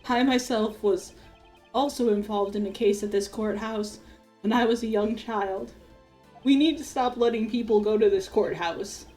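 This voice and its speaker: A woman's voice: fairly high pitch, fairly even intonation, moderate pace, a little mellow, soft background music, natural voice. A woman voicing a solemn, brooding male prosecutor, reading his lines in a grave and formal way.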